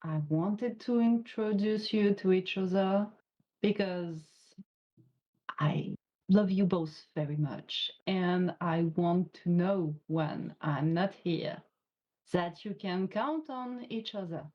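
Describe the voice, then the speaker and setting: A woman's voice: on the low side, slow pace. A woman player speaking earnestly and tenderly in character during a tabletop game. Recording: dull lo-fi sound.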